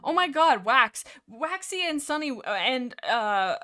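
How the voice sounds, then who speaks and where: A woman's voice: high-pitched, sing-song, unhurried, sharp tone, faint music behind. Young adult woman, streamer host, casual chat, rambling, distractible, talks to chat. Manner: rambling, easily distracted, reads chat aloud. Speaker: livestream host.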